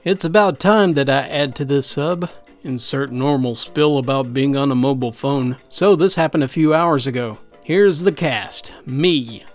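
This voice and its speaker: A man's voice: mid-range voice, unhurried. A man reading out funny customer stories in a wry, conversational narration. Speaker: host reading online stories. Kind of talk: scripted narration. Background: faint background music.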